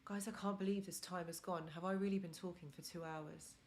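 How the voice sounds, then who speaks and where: A live-stream host with a lowish, steady voice speaks fairly quickly, with slight background noise audible. She mentors viewers on relationships in English with a non-native accent, talking to them sincerely and encouragingly.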